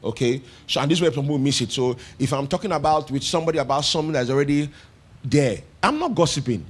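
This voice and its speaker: A man's voice: a little high, lively intonation, fast, husky. A man with a Nigerian English accent preaching a sermon as pastor, talking conversationally, asking the congregation questions and repeating phrases for emphasis.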